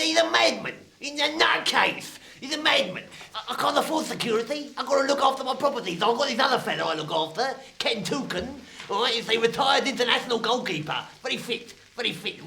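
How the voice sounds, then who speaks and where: A man's voice: extremely high pitch, gravelly, bright, forceful tone, roomy sound, full character voice. A man voicing a flustered, rambling showbiz agent. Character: harassed wheeler-dealer male showbiz agent, blustering.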